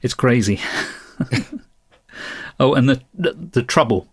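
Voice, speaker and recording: A man's voice: mid-range voice, moderate pace, pauses often, husky, no echo, clean studio sound. A man co-hosting a podcast, chatting casually and often laughing as he explains things. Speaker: podcast co-host.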